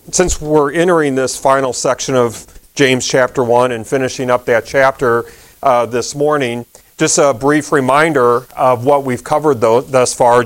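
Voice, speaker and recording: A man pastor preaching a sermon in a conversational way, repeating key phrases and using fillers. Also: mid-range voice.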